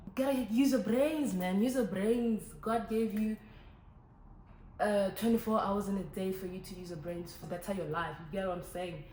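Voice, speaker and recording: Young woman, casual chat to camera, animated, echoey room. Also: mid-range voice, a little fast. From Botswana. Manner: chatty, animated, switches languages. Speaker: vlogger. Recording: echoey room, faint ambient noise.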